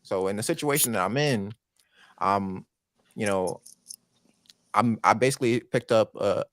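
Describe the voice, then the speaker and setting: Low-voiced man from Chicago. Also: normal speed, dry recording. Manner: relaxed, hesitant with fillers. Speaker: podcast co-host. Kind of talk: casual storytelling chat.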